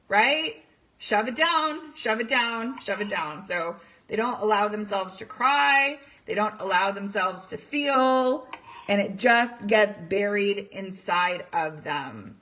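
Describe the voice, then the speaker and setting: Woman coach, direct-to-camera talk to parents; bright, emphatic, repeats herself for effect. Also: medium pitch, rough recording. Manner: emphatic, repetitive, rhetorical questions. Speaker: coach for teen girls.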